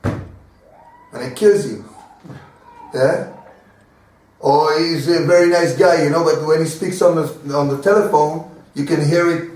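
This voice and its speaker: Animated rabbi man in an echoey room. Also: fairly high pitch, a little slow, pauses often, distant mic. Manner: animated, repeats words, acts out little dialogues with laughs. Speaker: rabbi teaching a class. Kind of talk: informal Torah lesson.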